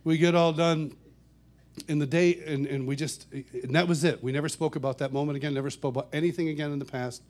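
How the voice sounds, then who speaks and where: A man telling a personal story to an audience, animated, often laughing and repeating words as he goes. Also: fast. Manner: animated, laughs often, gets louder and higher as the story builds. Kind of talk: storytelling talk.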